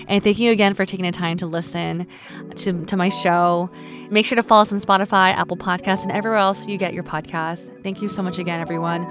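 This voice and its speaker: A young adult woman hosting a personal podcast, talking candidly and a little emotionally, often restarting her sentences. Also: lowish voice. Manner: candid and tender, with frequent restarts. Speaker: podcast host. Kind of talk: personal reflective podcast talk.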